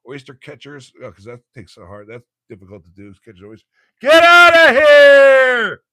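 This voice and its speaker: A man's voice: fairly low pitch, quick pace, breathy edge, no echo, studio quality. A man hosting a casual livestream, reading aloud from a bird textbook, stumbling over words and cracking jokes as he goes. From United States.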